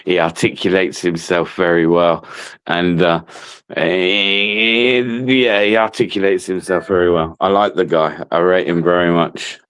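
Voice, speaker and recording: A very low-voiced man hosting a late-night live chat stream. He talks bluntly and opinionatedly, circling back over his points and swearing freely. His voice is close and dry, with no room sound. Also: fairly even intonation, moderate pace, clear, resonant tone, no echo. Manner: opinionated, repeats himself, casual swearing.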